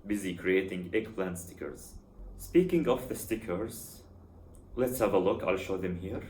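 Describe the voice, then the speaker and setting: Man, lowish voice, dry sarcastic commentary read, roomy echo. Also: expressive, a little slow, a little mellow, slight background noise. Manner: wry, sarcastic. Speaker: YouTube commentator. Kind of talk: scripted voice-over commentary. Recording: echoey room.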